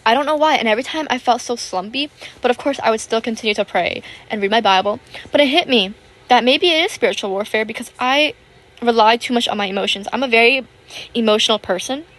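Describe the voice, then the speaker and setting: A teenage girl chats away in a slightly high voice, rambling from one thought to the next with lots of fillers. She is self-conscious and apologetic, and her voice has a slight roughness to it. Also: fast, a bit bright. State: voice a little rough. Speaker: YouTuber. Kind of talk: casual chat over gameplay.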